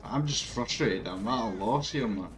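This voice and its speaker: A man giving live gameplay commentary, swearing often and bursting into loud, frustrated outbursts. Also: mid-range voice, moderate pace, slight background noise, poor audio. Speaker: gaming video creator.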